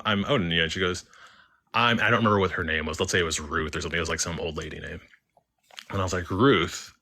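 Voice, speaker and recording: A young man telling a personal ghost story in casual chat on a live stream, acting out the voices he quotes. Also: low-pitched. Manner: animated, acts out quoted voices. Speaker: caller sharing a story.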